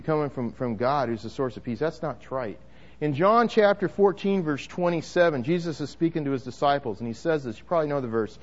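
In a muffled, lo-fi recording, a pastor with a slightly high voice preaches a sermon at an animated, fairly quick clip. He drives his points home with emphasis, often restarting or repeating words.

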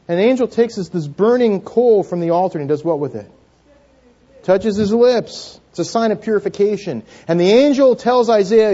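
A man's voice: high-pitched, animated, normal speed. Dramatic male pastor preaching, lo-fi sound. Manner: asks the congregation questions and leads call-and-response; dramatic, swings between hushed and loud. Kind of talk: sermon. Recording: dull lo-fi church recording.

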